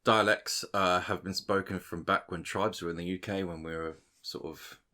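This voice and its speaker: Deep, sharp-voiced podcast host. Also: male voice, steady tone, normal speed. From England. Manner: steers the game, explains with fillers. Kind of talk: casual chat.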